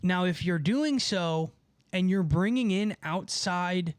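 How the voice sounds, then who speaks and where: Brief: man hosting a live stream, animated and rambling, slightly high voice, dry close sound. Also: slow pace, smooth, no room sound. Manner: animated, rambling, many fillers and restarts. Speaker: host of a live call-in show. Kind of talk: casual livestream rant reading chat.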